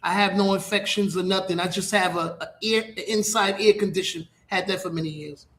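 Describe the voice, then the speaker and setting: The voice is high and a bit bright, fairly quick, with fairly even intonation: a middle-aged man hosting a radio talk show. He rambles casually through a monologue, swearing and repeating himself, in an echoey space.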